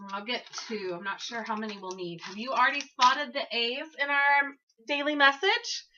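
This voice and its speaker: A woman's voice: fairly high pitch, moderate pace, noisy background. A woman teacher giving an early-grade classroom lesson in an encouraging, sing-song way, talking to young children, in a classroom on a dull lo-fi recording.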